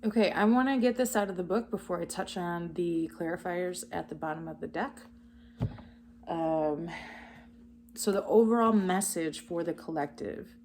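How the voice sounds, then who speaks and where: A woman's voice: fairly low pitch, a little mellow, slight background noise. A woman giving a casual spiritual card reading, enthusiastic and encouraging, talking straight to her viewers. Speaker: tarot card reader.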